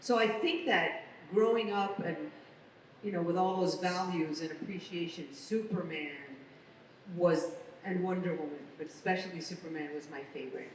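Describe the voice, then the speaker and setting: A woman's voice: fairly low pitch, normal speed, a little hiss or hum. Chatty woman in an echoey hall. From United States. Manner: chatty, animated storyteller. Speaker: convention panel guest, voice actress. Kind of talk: casual panel Q&A. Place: large convention hall. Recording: echoey hall recorded from far off.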